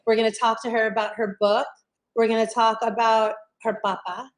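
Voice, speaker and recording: A woman's voice: on the high side, level tone, moderate pace, poor audio. A woman hosting a casual interview over a video call, chatty and upbeat, talking her plans aloud and repeating herself as she goes. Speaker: host.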